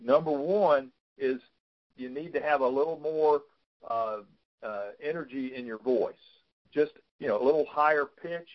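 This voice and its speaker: A man's voice: medium pitch, measured pace, lo-fi sound. A man coaching a client on a call, giving frank, fatherly advice and often repeating words as he talks. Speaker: business consultant.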